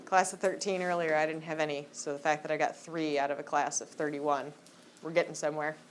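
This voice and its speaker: A woman teaching a high school class in a classroom, lecturing in a joking, teasing way and throwing questions at the students. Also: fairly even intonation, a little fast, a little hiss or hum.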